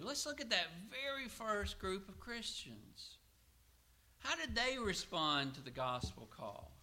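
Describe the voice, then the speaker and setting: Man preaching, very bright tone, slightly high voice, asks and answers his own questions, slows to read scripture. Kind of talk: sermon.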